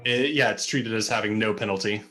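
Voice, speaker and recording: A man's voice: fairly low pitch, steady tone, fairly quick, sharp tone. A man as game master running a streamed tabletop game, explaining rules with many ums and uhs.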